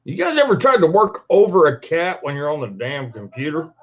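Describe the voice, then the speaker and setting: A man hosting a casual livestream from home at his computer, greeting viewers by name in a folksy, unhurried way after a day of working cattle. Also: fairly high pitch, sing-song, dull audio. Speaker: livestream host. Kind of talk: casual live-stream chat.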